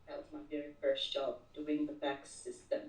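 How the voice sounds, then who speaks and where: With a low-pitched, monotone voice at a moderate pace, a woman recounts a work story as an interview guest. She speaks casually and tends to repeat words when starting sentences; the mic is distant and the room echoes.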